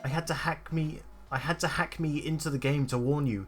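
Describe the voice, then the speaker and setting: A man's voice: fairly high pitch, steady tone, a bit bright, faint music behind, pitched above the performer's own voice, lightly acted. A man reading as a worried young engineer. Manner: hurried, worried warnings. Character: anxious apologetic young game engineer. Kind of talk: reading game dialogue aloud.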